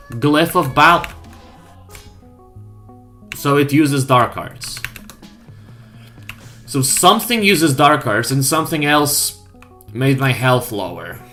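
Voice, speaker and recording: A woman's voice: a bass voice, animated, takes it slowly, pauses often, pushed and bright, soft background music. A woman streamer chatting casually over gameplay, sweary and wry, often mocking herself.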